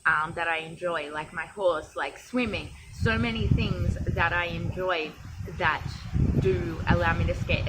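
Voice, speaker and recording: A young adult woman with an Australian accent and a lowish voice speaks candidly to camera in a casual, reflective vlog recorded at an outdoor swimming pool. She restarts phrases often and uses frequent fillers. The audio is very noisy.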